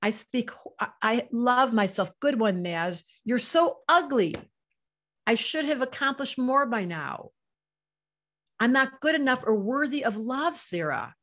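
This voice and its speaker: A woman's voice: fairly high pitch, animated, a little slow, fairly bright tone. An older woman teaching astrology to a live online audience, passionate and emotional, reading out chat comments as she talks.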